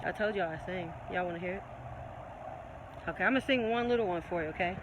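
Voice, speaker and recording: Animated woman, preachy and excitable. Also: lowish voice, fast talker, highs cut off, very noisy. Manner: animated and preachy, calls listeners baby. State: slightly congested. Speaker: livestream host answering viewer questions. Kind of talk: casual live-stream Q&A.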